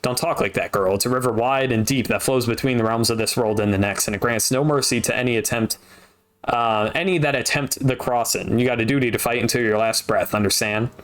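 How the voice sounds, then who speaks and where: A man reading aloud, voicing a fierce, foul-mouthed old grandmother with a gruff, blunt manner. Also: mid-range voice, brisk, a bit bright, lightly acted. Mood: stern.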